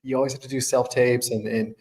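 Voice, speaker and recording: A man's voice: mid-range voice, flat delivery, fairly quick, darkish tone, poor audio. A man hosting a podcast in casual conversation, working through his points aloud and checking in with his guest. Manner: thinking aloud with restarts and "right?" checks. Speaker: podcast host and management firm owner.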